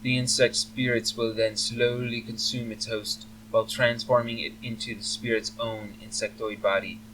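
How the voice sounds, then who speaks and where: A man's voice: mid-range voice, level tone, normal speed, fairly bright tone, slight background noise, natural voice. A man voicing a lofty male elf sage who lectures in a dry, faintly amused way. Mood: lecturing. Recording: faint humming, slightly distant mic.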